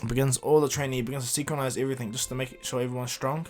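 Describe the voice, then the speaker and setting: A man retells a cartoon story in a casual, rambling way, stumbling through fillers and restarts. His voice sits in an ordinary middle pitch. Faint music plays underneath. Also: flat delivery, very fast.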